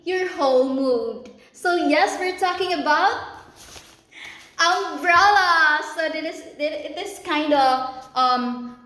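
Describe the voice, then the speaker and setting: A young woman hosting a live-selling stream, bubbly and chatty, giving shout-outs and restarting her sentences. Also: sits high. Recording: roomy echo.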